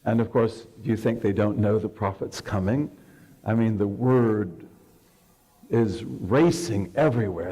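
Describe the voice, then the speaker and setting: A man's voice: fairly low pitch, measured pace, mellow, breathy edge, low-quality recording. A man giving a religious lecture, telling a story, acting out the quoted lines and asking his listeners questions. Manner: storyteller who acts out quotes and asks the audience questions. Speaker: Islamic scholar lecturing.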